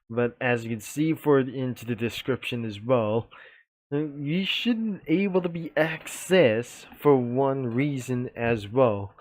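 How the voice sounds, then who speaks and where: A man's voice: mid-range voice, no echo. A young man giving casual, rambling commentary on his own channel while browsing a website, with loose phrasing and many fillers. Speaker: YouTuber. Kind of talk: casual screen-recording commentary.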